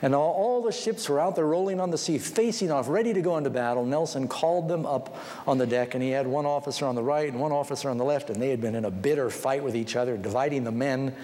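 A man with a dark voice preaches as a pastor, talking fast with hardly any pauses. He tells stories, acts out the people he quotes with wide pitch swings, and then makes a personal, pleading appeal to his listeners. The recording has hall reverb and faint background noise.

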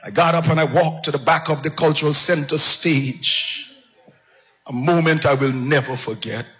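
A male pastor preaching a sermon, telling a personal story with passion and swinging from low hushed lines to high cries. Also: steady tone, moderate pace. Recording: dull lo-fi sound.

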